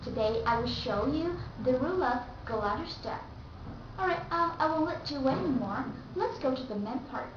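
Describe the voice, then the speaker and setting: A woman giving a slow, careful English pronunciation lesson and repeating the example words. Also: high voice, expressive, background noise. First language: Vietnamese. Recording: echoey room, distant mic, dull and lo-fi.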